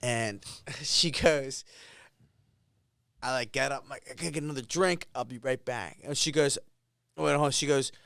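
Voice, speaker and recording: A man's voice: mid-range voice, moderate pace, creaky, a bit bright, no echo, clean studio sound. A man in his thirties, a podcast guest, chatting casually and telling self-deprecating stories. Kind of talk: casual chat.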